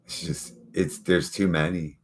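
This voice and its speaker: A man's voice: low-pitched, fairly even intonation, unhurried, a little hiss or hum. A man ranting casually to camera, rambling, cursing and mocking people. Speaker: vlogger. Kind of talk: casual profane rant.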